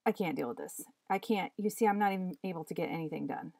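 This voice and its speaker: A woman artist at home talking to her stream as she draws, muttering and swearing in frustration at her software. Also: lowish voice, fast talker, creaky, few pauses, no room sound, clean studio sound. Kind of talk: casual live-stream commentary. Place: home workspace.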